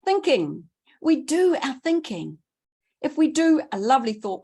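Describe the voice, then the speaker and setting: A middle-aged woman giving a training talk, enthusiastic and quick, repeating words for emphasis. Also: a little high, big pitch swings, darkish tone. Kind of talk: presentation talk.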